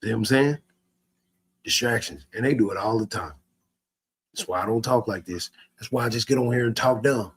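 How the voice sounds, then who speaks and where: A man's voice: medium pitch, brisk, long pauses, slightly rough. A man streaming live, ranting at his chat in a profane, repetitive way with stammered restarts.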